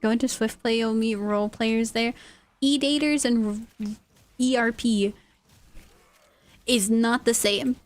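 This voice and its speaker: Brief: woman from California as a laid-back streamer, giggly and talkative, higher-pitched voice. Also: fairly even intonation. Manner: chatty, laughs often, quick asides. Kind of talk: casual livestream chat, reading chat aloud.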